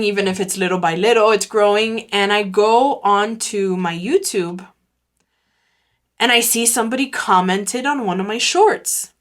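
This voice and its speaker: A woman hosting her own podcast, talking earnestly and emotionally in a halting way, repeating words and swearing now and then. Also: medium pitch, a bit bright. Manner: emotional, near tears; swears casually. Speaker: podcast host. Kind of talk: personal solo podcast talk.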